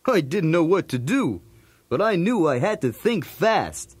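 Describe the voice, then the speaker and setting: High, bouncy, streetwise cartoon dog narrating a toy story tape; dry close sound. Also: male voice, very animated, unhurried, slightly rough, no echo, exaggerated voice. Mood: breezy. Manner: jokey, streetwise, punning. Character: cool wisecracking male cartoon dog.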